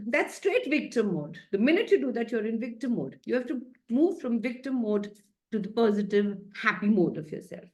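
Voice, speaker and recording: A woman's voice: fairly high pitch, sing-song, moderate pace, darkish tone. A woman, a happiness coach giving a chatty, playful self-care talk over a video call, often laughing and coaxing her listeners.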